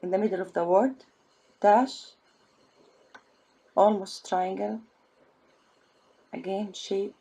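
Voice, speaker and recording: Woman, teacher, very slow delivery, husky voice, patient step-by-step. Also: mid-range voice, fairly even intonation, mellow. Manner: patient, spells out letters and syllables one by one. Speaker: Arabic teacher. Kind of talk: slow step-by-step language lesson.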